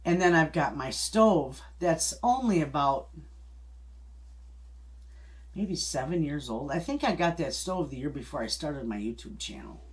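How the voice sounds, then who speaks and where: A woman's voice: low-pitched, expressive, a little slow. A middle-aged woman hosting a homestead channel, chatting casually and telling a story in a folksy, rambling way with restarts and little chuckles.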